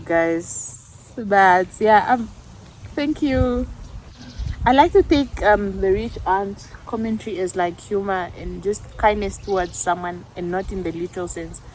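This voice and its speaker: A woman's voice: mid-range voice, unhurried, darkish tone, slight background noise. A young woman from Namibia talking casually in a vlog, earnest and reflective, often laughing at herself. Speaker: YouTuber.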